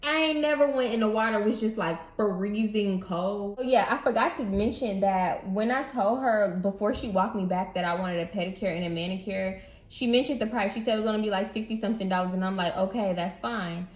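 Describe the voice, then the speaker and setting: A young woman casually telling a storytime story to her viewers, animated and slangy, speaking straight to camera. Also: mid-range voice, fairly quick. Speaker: beauty vlogger. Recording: roomy echo.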